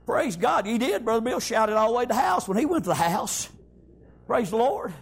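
A man preaching a fervent sermon, breaking into shouts and punctuating lines with amens. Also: very high voice, sing-song, a little fast, husky.

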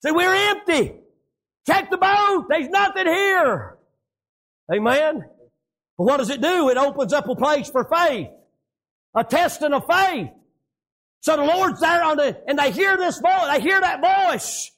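High-voiced shouting preacher man. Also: animated, measured pace. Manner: preaching with frequent amens, shouting out lines then dropping low. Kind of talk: sermon.

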